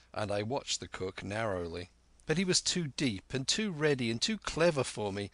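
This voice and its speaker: A man narrating a classic adventure novel as an audiobook in measured storytelling. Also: medium pitch, fairly bright tone, no echo. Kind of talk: scripted narration.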